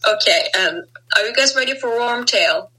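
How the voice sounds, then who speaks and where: A woman's voice: fairly high pitch, lively intonation, moderate pace, bright, forceful tone, low-quality recording. A woman from Norway with a southern Norwegian accent, co-hosting a casual group podcast in a playful, giggly way. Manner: giggly, playful, trails off and restarts. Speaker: podcast co-host.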